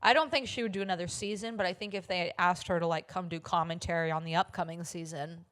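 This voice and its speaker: A woman's voice: fairly low pitch, steady tone, fast talker, fairly bright tone. A woman co-hosting a podcast in casual chat, hesitant and chatty, with many fillers and self-corrections. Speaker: podcast co-host.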